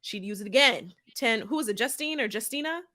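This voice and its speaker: Bright emphatic woman co-host. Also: fairly high pitch, expressive, brisk. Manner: emphatic, explains context. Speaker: podcast co-host. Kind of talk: casual book discussion.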